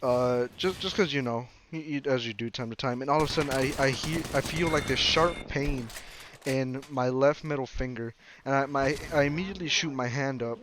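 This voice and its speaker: A man's voice: mid-range voice, fairly quick, a crowd in the background. A young man casually telling a personal story, rambling with lots of fillers and restarts.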